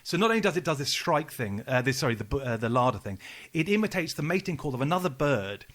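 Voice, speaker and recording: A man's voice: medium pitch, very animated, quick pace, fairly bright tone. A man co-hosting a podcast, telling long rambling stories full of restarts and swearing. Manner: rambling storyteller, swears freely, many restarts. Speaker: podcast co-host. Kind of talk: casual chat.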